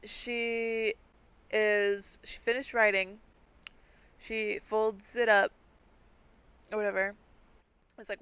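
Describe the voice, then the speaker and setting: A woman's voice: medium pitch, slow, long pauses, clear, resonant tone, no echo, lo-fi sound. A woman player in an online tabletop game, talking casually and swearing freely. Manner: profane, animated.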